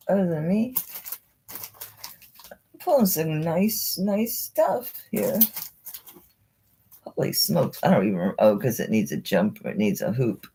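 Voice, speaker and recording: Excitable low-voiced woman selling jewelry. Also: vocal fry, slight background noise. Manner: chatty, excitable, talks to the jewelry. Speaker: online jewelry seller. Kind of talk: live-stream sales chat.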